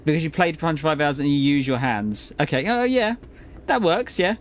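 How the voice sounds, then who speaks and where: A man's voice: fairly high pitch, expressive, moderate pace, a little hiss or hum. A man chatting casually to viewers during a live game stream, rambling and laid-back with frequent swearing and laughter. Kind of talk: casual live-stream chat while gaming.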